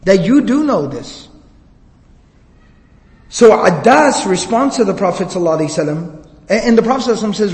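A man giving an animated religious lecture, retelling a story and explaining phrases by repeating and rephrasing them. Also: high voice, rapid-fire, long pauses. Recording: long hall reverb.

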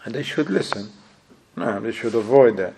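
A man tells a story in an informal sermon. He acts out the people in it and drops phrases as he goes. His voice is gravelly and mid-pitched, with faint noise in the background. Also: moderate pace, rough recording. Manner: animated storyteller, acts out quotes, sprinkles Arabic phrases. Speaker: Islamic preacher.

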